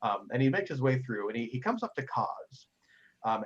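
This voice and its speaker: Lively man narrating as game master. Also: medium pitch, normal speed, husky, highs cut off. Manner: lively storyteller, often stumbles and repeats words.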